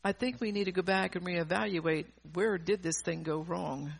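A woman's voice: on the low side, moderate pace, gravelly, husky. An older woman preaching an earnest sermon, often repeating and restarting her phrases.

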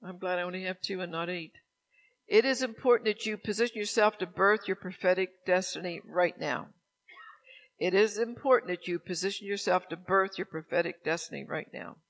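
A man's voice: sits high, brisk, fairly bright tone. An older man preaching a sermon in a conversational, anecdotal way, often asking his congregation questions.

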